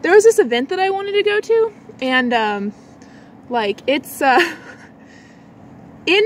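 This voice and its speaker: A woman chatting casually in a vlog, rambling with lots of likes and restarts, swinging between a low lazy voice and a bright high one. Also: animated, slow, a little hiss or hum. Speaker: vlogger.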